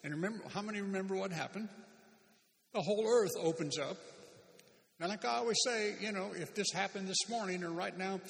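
A man preaching a sermon as a pastor, animated and emphatic, with sudden loud bursts and speech. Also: high voice, a little fast, creaky. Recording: long hall reverb.

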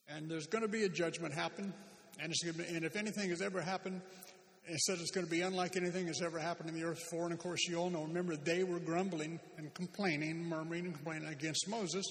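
A man preaching a sermon as a pastor, animated and emphatic, with sudden loud bursts and speech. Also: on the high side, quick pace, creaky. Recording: long hall reverb.

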